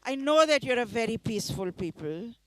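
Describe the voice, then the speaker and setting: A woman from India, reading her story aloud in a festival tent, lively and coaxing the audience to join in. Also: fairly high pitch, a little fast, dry recording. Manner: lively, coaxes the audience to join in, laughs often.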